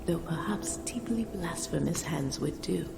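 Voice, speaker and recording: A woman voicing a frail, reverent keeper of sacred rites in a whispered role-play, speaking slowly and solemnly in a low, creaky whisper. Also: animated, heavily acted. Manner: slow, solemn, devout. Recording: roomy game audio with music.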